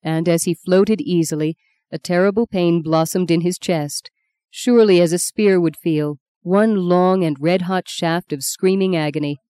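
A woman narrating a novel in a measured, solemn storytelling manner. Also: lowish voice, mellow, clear, resonant tone, no echo, studio quality. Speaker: audiobook narrator. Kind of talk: scripted literary narration.

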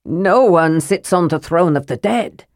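A woman's voice: lowish voice, lively intonation, measured pace, dry recording, clean studio sound. A woman voicing an indignant male dwarf chief who cries out in protest. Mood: outraged. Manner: indignant crying out.

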